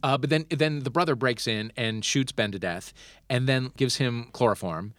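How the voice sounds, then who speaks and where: A man's voice: medium pitch, moderate pace, no room sound, clean studio sound. Man casually recapping a movie. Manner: animated storytelling with laughs and profanity. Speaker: podcast host. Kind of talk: casual chat. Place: Los Angeles area.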